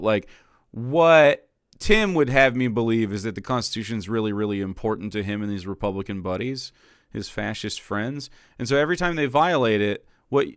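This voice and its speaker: A man's voice: mid-range voice, dry recording, clean studio sound. A man commenting scornfully on a clip, profane and mocking. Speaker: political streamer. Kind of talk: reaction commentary.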